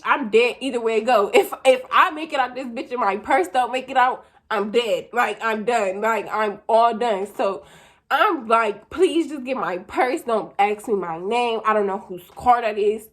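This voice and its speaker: Profane young woman telling a story. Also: a little high. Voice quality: profane, animated storytelling with slang. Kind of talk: casual storytime vlog.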